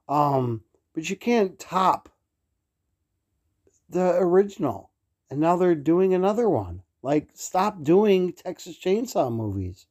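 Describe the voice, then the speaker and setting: A man's voice: fairly high pitch, mellow. A man hosting his own podcast, ranting alone with heavy swearing and many fillers. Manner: angry, swearing, rambling with fillers. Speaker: podcast host. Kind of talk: solo profanity-laden rant.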